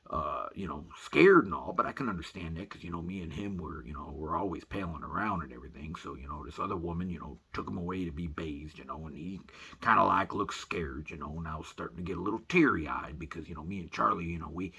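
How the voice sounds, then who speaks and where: A man with a very low, gravelly voice tells a long, rambling comic story. His voice is raspy but bright, and he fills every gap with "you know". His pitch moves up and down a lot. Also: lively intonation, fast.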